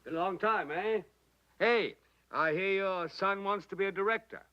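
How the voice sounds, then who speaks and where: An actor playing a brash, boastful film director who jokes and laughs on the phone. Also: male voice, high voice, moderate pace, muffled recording, close to an everyday voice. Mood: bluff. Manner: boisterous, laughing, sarcastic.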